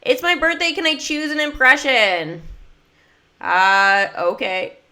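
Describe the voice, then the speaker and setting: A woman's voice: high-pitched, sing-song, slow pace, pushed and bright. A young woman livestreaming a mobile game, chatting in a bubbly, talkative way with many fillers. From United States. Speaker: gaming livestreamer. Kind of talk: casual livestream chat.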